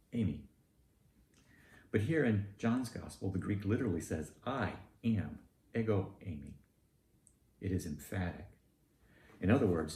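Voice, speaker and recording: A man with a Southern US accent delivering a sermon in a measured, deliberate way with pointed emphasis. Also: low voice, mellow, reverberant. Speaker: preacher.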